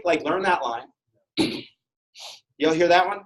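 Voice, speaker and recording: A man with a high, lifted voice delivers a lively motivational sales talk to a room full of people. He jokes constantly and acts out short exchanges between characters. His tone bounces around freely. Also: slow pace, poor audio. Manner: animated, joking, acts out dialogues. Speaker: motivational speaker.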